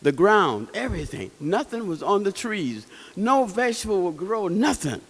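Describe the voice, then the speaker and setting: A man telling a folktale to a live audience in an animated way, asking them questions as he goes. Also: high voice, normal speed, breathy edge, in a large hall. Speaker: storyteller. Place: event hall.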